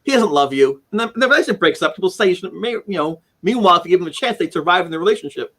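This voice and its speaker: A man's voice: sits high, expressive, very fast, a bit bright. A man in his forties, the guest, telling his story in an earnest, rambling way with many restarts, speaking from home over a video call. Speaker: guest, author of a haunting memoir. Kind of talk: casual live-stream interview. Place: home room with keepsakes, indoors.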